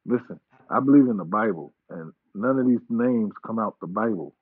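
A man's voice: on the low side, expressive, moderate pace, slightly rough, no room sound. A man in casual podcast chat, blunt and unimpressed, laughing easily. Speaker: podcast regular. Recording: tinny phone-like dry sound.

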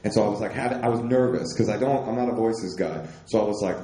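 A man's voice: lowish voice, fast, mellow, reverberant. A man co-hosting a podcast on a live stage, telling a rambling, self-deprecating story with lots of restarts. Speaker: podcast co-host.

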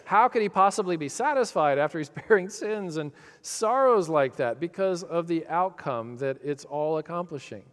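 A middle-aged man preaching a sermon, earnest and reflective, his voice swelling with feeling and then dropping soft. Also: a little high, expressive, moderate pace, hardly any pauses, long reverb tail. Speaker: pastor.

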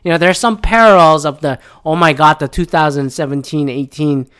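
A man's voice: a little high, brisk, fairly bright tone, clean tone. Brief: male podcast host from Michigan, sweary, rambling, sarcastic political rant. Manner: profane, rambling, sarcastic, mocking voices of others.

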